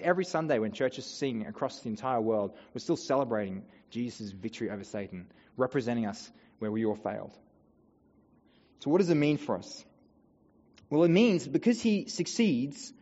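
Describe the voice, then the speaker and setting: Earnest male preacher in an echoing hall. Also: mid-range voice. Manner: earnest preaching, builds to emphatic peaks then drops soft. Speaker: pastor. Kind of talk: sermon. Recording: dull sound in a long-reverb hall.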